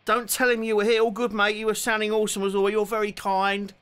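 A man's voice: sits high, completely flat delivery, quick pace, fairly bright tone, smooth. A man in his forties with a London accent, chatting casually and joking as he hosts a live guitar stream. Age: 40s. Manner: joking, chatty, self-deprecating.

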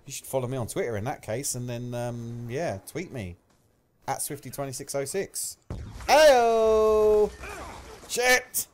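A young man commentating live gameplay, swearing often and yelling at kills and deaths, with a slight cough. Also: medium pitch, a little slow. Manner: excitable, swears a lot, shouts at game events. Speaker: gaming commentator.

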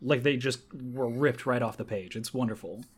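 A man's voice: medium pitch, normal speed, slightly rough. A young man co-hosting a podcast in casual chat, enthusiastic, laughing often and swearing casually. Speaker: podcast co-host.

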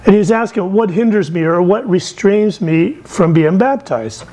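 A middle-aged man giving a lively sermon from the pulpit, telling stories with big swings in his voice. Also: unhurried, low-quality recording. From England. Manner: animated, storytelling with wide swings in pitch. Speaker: missionary speaker.

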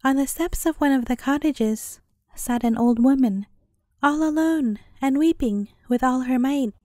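High-voiced woman reading a bedtime story. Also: dry recording, studio quality. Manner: gentle, measured storytelling.

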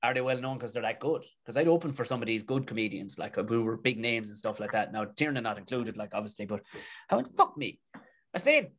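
A man with a Tipperary Irish accent tells stories as a podcast guest. He is animated and colloquial and swears freely, with a mid-range pitch typical for a man. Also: fast talker. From Tipperary, Ireland. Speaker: guest comedian and actor. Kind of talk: casual storytelling in a podcast interview.

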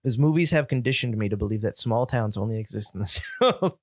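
A man from upstate New York, co-hosting a casual film podcast, opinionated and animated, sometimes slipping into mock voices. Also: medium pitch, a little fast, no echo, clean studio sound. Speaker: podcast co-host.

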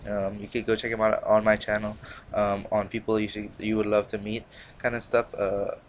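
A man's voice: fairly low pitch, completely flat delivery, moderate pace, a little hiss or hum. A young man hosting a gaming channel, rambling in casual, slangy commentary full of fillers and restarts. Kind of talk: casual commentary over gameplay.

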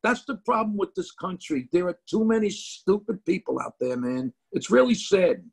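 A middle-aged comedian with a New Jersey accent, talking bluntly and profanely in a casual interview over a video call. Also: male voice, sits high, lively intonation, normal speed, vocal fry, breathy edge. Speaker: comedian guest.

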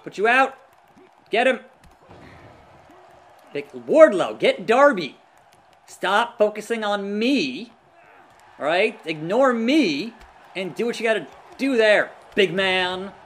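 A man giving live gameplay commentary, excitable, groaning and yelling at the action. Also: high voice, slow, pauses often. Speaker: let's play gamer.

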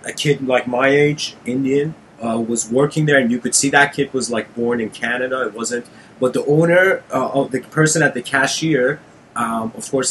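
A man hosting his channel, telling a personal story in an animated monologue, addressing listeners as "guys" and getting heated and intense. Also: mid-range voice, slight background noise. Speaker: channel host giving a lecture.

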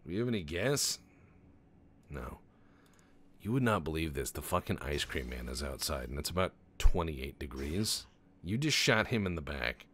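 A man's voice: a bass voice, very animated, moderate pace, fairly bright tone, a little hiss or hum. A man giving casual let's-play commentary, rambling and joking with frequent profanity. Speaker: gaming channel host.

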